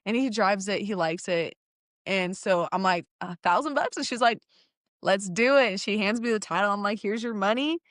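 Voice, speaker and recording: A young woman in mid-story, chatty and animated, with laughs that keep breaking in. She acts out what each person said as she tells it. Her voice sits at an ordinary middle pitch and sounds close and dry, with no room around it. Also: moderate pace, dry recording. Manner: animated, laughs often, acts out quoted lines. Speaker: guest telling her car story. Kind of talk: casual storytelling chat.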